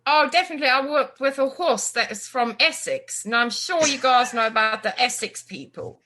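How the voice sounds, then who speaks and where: Brief: lively, bright-voiced woman guest telling animal stories, casual and animated. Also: high voice, moderate pace. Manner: lively storyteller, acts out quotes. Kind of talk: casual interview chat.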